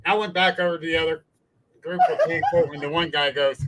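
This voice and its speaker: A man hosting a podcast, telling a story in a blunt, salty and animated way. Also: a little high, fast, heavy background noise. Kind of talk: casual storytelling chat.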